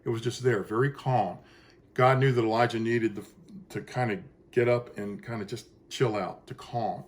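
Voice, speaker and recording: A man's voice: mid-range voice, steady tone, normal speed. A man, a composer, talks casually and earnestly about how he made his choral piece, wandering through asides with many fillers and restarts. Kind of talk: casual spoken explanation.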